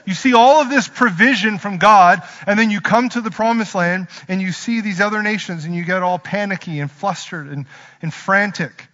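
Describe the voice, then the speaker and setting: A male pastor preaching a sermon, swinging from quiet slow emphasis to loud, urgent rises. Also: high-pitched. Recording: dull audio with long hall reverb.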